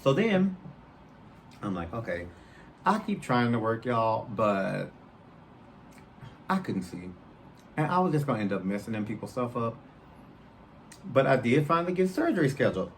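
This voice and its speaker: A man's voice: medium pitch, normal speed, pauses often, a little hiss or hum. A man, telling a personal story on his podcast and talking straight to his listeners. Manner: animated, addresses listeners directly, acts out quotes. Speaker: podcast host.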